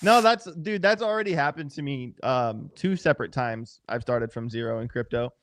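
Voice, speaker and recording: A man's voice: mid-range voice, normal speed, fairly bright tone, no room sound. A young adult man as a podcast guest in casual chat, blunt and laid-back, swearing freely.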